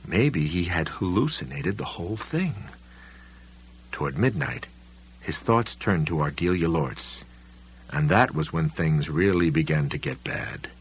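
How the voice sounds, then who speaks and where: Deep husky male audiobook narrator. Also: lo-fi sound. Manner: expressive, dramatic reading.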